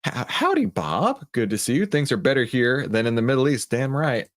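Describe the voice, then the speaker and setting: A man's voice: medium pitch, expressive, moderate pace. A man with a Texan accent hosting a casual livestream, chatting and greeting viewers by name. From Texas. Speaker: livestream host.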